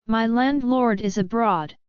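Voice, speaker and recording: A woman's voice: fairly high pitch, a little slow, clear, resonant tone, no room sound, highs cut off, natural voice. Woman reading a frightened, pleading young woman. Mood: defensive. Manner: desperate, pleading.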